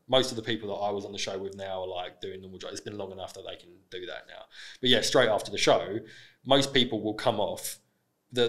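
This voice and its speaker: A man's voice: fairly low pitch, fairly bright tone. A man in his thirties from England with an Essex accent, a podcast guest talking frankly and casually, swearing freely and often restarting his sentences. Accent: Essex English. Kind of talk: casual interview chat.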